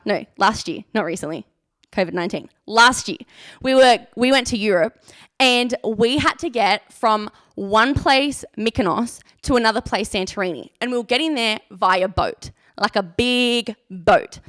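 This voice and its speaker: A woman's voice: on the high side, measured pace, a bit bright, no echo, clean studio sound. A young woman, a youth leader, telling a chatty, self-mocking story on a live stream, full of "like".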